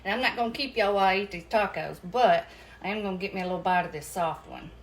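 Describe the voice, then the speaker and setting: A woman's voice: medium pitch, fast talker, slight background noise. Chatty woman cooking in her kitchen. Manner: chatty, folksy, addresses viewers as y'all. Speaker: home cooking vlogger. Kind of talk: casual chat while cooking. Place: home kitchen.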